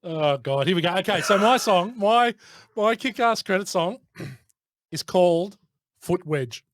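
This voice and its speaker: High-voiced man, flustered. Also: lively intonation, a little slow, dry recording. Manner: exclamatory, flustered banter. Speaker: podcast co-host. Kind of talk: casual chat.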